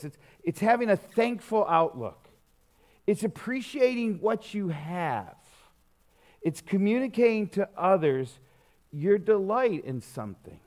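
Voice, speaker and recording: Animated middle-aged male pastor preaching. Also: high-pitched. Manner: animated storytelling, conversational with many fillers. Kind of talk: sermon.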